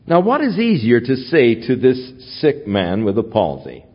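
A man preaching a sermon as pastor, teaching from the Bible in a measured way. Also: medium pitch, wildly swooping pitch, husky. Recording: dull lo-fi recording.

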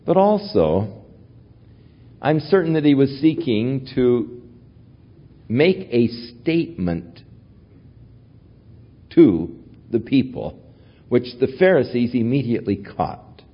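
A man preaching a sermon as pastor, teaching from the Bible in a measured way. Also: medium pitch, very animated, breathy edge. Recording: dull lo-fi recording.

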